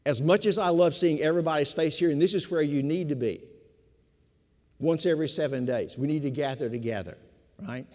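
An older man, a pastor of fifty years, preaching a sermon with emphatic repetition, slowing for stress and speeding through asides. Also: a little high, a little mellow. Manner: emphatic preaching, repeats key phrases, shifts between slow stress and quick asides. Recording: long hall reverb.

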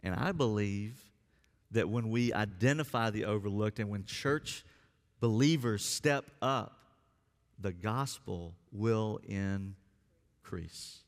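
A pastor with a lowish voice preaches slowly and earnestly in a church sanctuary, drawing out key words for emphasis. The hall's long reverb trails after his words.

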